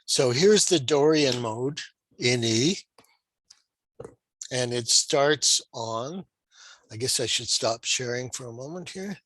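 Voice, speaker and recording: Male guitar tutor, middle pitch, patient and methodical, crisp dry home-mic sound. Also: lively intonation, slow pace, pauses often, fairly bright tone, no room sound, low-quality recording. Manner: patient, explanatory, with fillers and rhetorical questions. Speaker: guitar teacher. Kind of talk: screen-shared music lesson.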